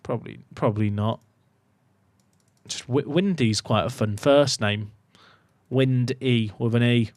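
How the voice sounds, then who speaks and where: A young man giving casual, excitable commentary on his game to his chat, swinging from muttering to loud outbursts. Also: medium pitch, measured pace, long pauses, no echo. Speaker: gaming YouTuber.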